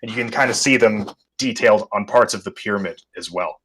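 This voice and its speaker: A man's voice: on the low side, fairly quick, fairly bright tone, a little hiss or hum. A man narrating a tabletop horror game as game master, describing scenes with many ums and uhs.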